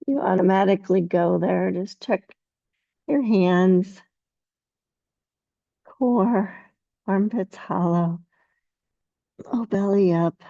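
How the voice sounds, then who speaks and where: A woman guides a yoga class with unhurried, calm cues. Her voice is mellow and slightly gravelly. The sound is dry and a little dull. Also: mid-range voice, no echo. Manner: slow, calm cueing with soft laughs. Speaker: yoga teacher.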